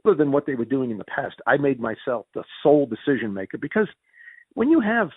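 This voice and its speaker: A man with a Northern US Yankee accent telling stories as an interview guest, acting out quoted dialogue with big pitch jumps and often restarting his words. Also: big pitch swings, fast, breathy edge, dry recording. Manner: frequent restarts and repeated words. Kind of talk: storytelling in a conversational interview. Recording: tinny phone-like dry audio.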